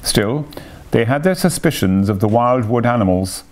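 A man's voice: mid-range voice, animated, normal speed, darkish tone, lightly acted. A man voicing a sensible, earnest male water rat who speaks emphatically in a read-aloud storybook. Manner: emphatic, impressive.

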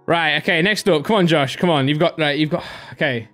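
A young man hosting a live stream, chatty and excitable, laughing often and giving shout-outs to viewers. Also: on the high side, fairly quick, soft background music. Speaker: live-stream host opening card packs.

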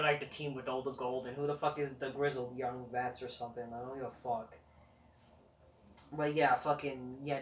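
A man hosting a wrestling review, rambling and dismissive and swearing constantly, recorded on a camera mic. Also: medium pitch. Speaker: wrestling show reviewer, channel host. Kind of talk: profane rambling review rant. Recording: roomy, distant mic, faint noise.

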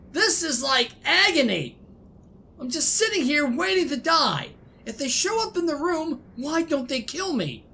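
A woman host giving excited let's-play commentary, laughing often and talking to the game characters. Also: sits high, slow, gravelly. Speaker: gaming channel host.

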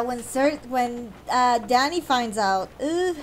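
A woman's voice: a little high, expressive, slow pace, slight background noise. A woman hosting a reaction video, swearing, exclaiming and talking back at the screen as she watches a TV episode. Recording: show audio loud behind her.

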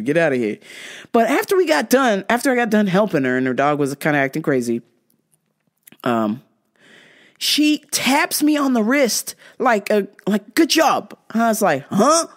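A woman vlogger telling stories in a casual way, swearing, laughing often and acting out the people in them. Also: medium pitch. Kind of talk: casual storytelling.

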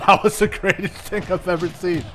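A man's voice: high-pitched, fairly bright tone. A man giving crude, laughing let's play commentary, trash-talking wrestlers in character. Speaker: gamer.

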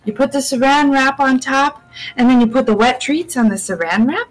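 A woman's voice: high voice, normal speed, low-quality recording. Rambling young woman on a live stream. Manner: chatty, rambling with many fillers and restarts. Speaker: guest. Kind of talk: casual chat on a live stream podcast.

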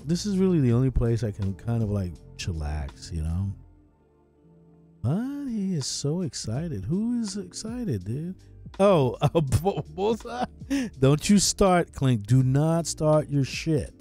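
A man chatting casually on a gaming live stream, excitable, swearing and calling everyone "dude". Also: mid-range voice.

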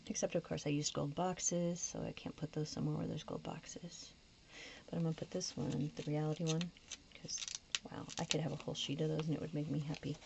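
A woman's low, dark, creaky voice swings widely in pitch as she talks briskly through a casual plan-with-me while decorating her planner. She slips into whispers a lot, and tiredness is making her voice start to go. Faint noise runs under the dull, lo-fi recording.

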